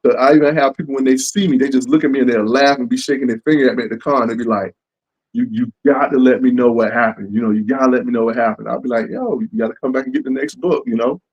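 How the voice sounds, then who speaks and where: A man talks about making his comics in a loose, casual interview. He keeps acting out what his fans say to him, lifting and dropping his voice as he does. His voice sits at a middle pitch. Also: quick pace, slightly rough, highs cut off. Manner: animated, acts out fans' lines. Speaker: comic book creator.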